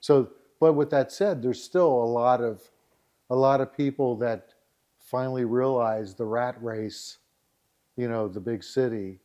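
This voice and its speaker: A man who founded a dating site, talking as a podcast guest, chuckling often and telling stories with lively quoted voices. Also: mid-range voice, unhurried. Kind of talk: casual interview storytelling.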